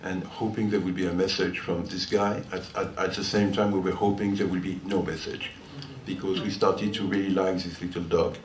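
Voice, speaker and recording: An older guitarist from France, with a French accent, tells a lengthy, rambling tale on stage between songs before a live audience, chatting and laughing often. His deep voice barely moves in pitch, at a moderate pace with few pauses. The hall sound is roomy and distant, with faint noise.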